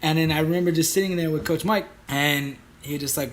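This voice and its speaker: Slangy animated young man storyteller. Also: on the high side, a little fast, slight background noise. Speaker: podcast co-host. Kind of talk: casual chat, storytelling.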